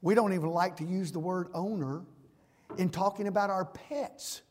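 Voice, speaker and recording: High-voiced preacher in a hall. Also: male voice, moderate pace. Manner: emphatic preaching with swings from loud to hushed. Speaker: pastor. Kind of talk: sermon. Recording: hall reverb.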